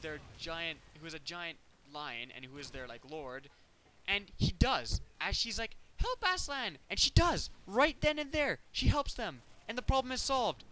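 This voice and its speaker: A man giving casual commentary over his gameplay, talking in an animated, ranting, incredulous way. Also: on the high side, slight background noise, poor audio.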